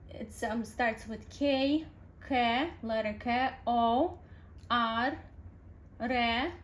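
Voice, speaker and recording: Slow-speaking woman teaching letters. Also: fairly high pitch. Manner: patient, spells out sounds letter by letter. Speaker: language teacher. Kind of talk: alphabet lesson.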